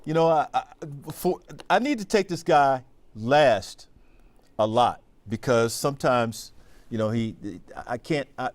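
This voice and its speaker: A man's voice: mid-range voice, measured pace, dry recording. Brief: male sports anchor, casual and slangy, dry close sound. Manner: laid-back, slangy, warm to his co-host. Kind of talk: casual on-air chat. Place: TV studio.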